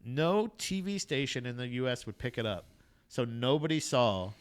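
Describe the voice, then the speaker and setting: Man, young adult, podcast co-host, casual chat, rambling, swears a lot, ordinary pitch. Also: big pitch swings, normal speed, clean tone. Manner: profane, rambling storyteller with frequent fillers.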